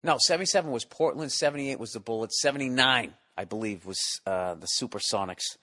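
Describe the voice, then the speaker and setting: A man's voice: medium pitch, fairly quick, sharp tone. Profane rambling podcast host, a man. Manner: profane, rambling, mock-exasperated. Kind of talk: casual comedic rant.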